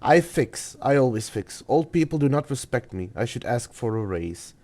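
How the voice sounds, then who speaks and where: A man's voice: mid-range voice, animated, normal speed, a little mellow, lightly acted. Man doing a russian-accented handyman, grumbling, clipped broken sentences, bouncy intonation. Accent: put-on Russian. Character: grumpy handyman writing a diary, man.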